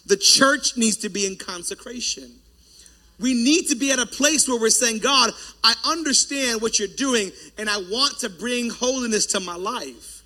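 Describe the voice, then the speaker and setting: A man preaching a sermon as pastor, loud and forceful, breaking off for joking asides to the congregation. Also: very high voice, moderate pace.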